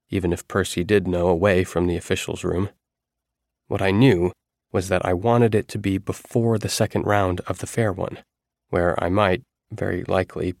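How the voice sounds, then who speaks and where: Deep-voiced male audiobook narrator. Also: creaky, darkish tone, dry recording, studio quality. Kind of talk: first-person audiobook narration.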